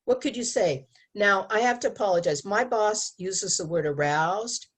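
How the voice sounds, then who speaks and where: Husky woman giving a lively talk. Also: medium pitch, moderate pace. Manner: animated, acts out quoted lines, laughs often. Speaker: abstinence educator. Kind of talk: presentation to an audience.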